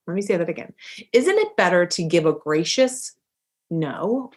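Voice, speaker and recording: Middle-aged lady coach giving a pep talk, punchy and animated, acts out little bits of dialogue. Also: medium pitch, a little slow. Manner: emphatic and animated, acting out dialogue. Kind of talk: motivational talk.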